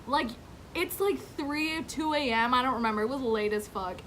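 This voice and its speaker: A woman vlogger tells a rambling storytime tale with lots of swearing and frequent laughter. Her voice sits high and sounds bright and sharp. There is a faint hum of noise under the recording. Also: moderate pace. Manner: animated, profane, laughing often, heavy use of "like". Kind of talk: casual storytime.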